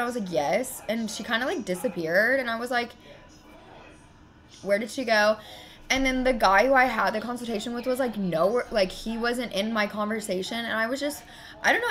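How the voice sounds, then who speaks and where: A woman's voice: mid-range voice, fairly bright tone. A young woman streamer in casual chat, telling a story in a rambling way. She sounds hurt and frustrated, fills her talk with fillers and swears as she vents.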